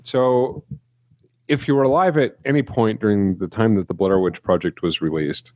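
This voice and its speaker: A man's voice: lowish voice, normal speed, no echo, dull audio. A man co-hosting a casual podcast, telling a long anecdote and acting out quotes as he goes. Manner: animated storyteller, acts out quotes. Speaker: podcast co-host. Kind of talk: casual chat.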